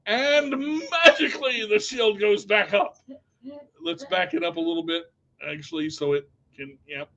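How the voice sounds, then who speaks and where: High-pitched guy vlogging a story, gets loud and excitable, kinda muffled lo-fi sound. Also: a little slow. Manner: animated, jumping to loud high outbursts when retelling panic. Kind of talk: casual storytelling to camera.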